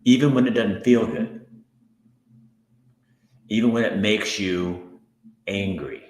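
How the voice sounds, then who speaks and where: A middle-aged man hosting an earnest personal monologue, swinging from anger to hushed softness. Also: on the low side, takes it slowly, reverberant. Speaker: host.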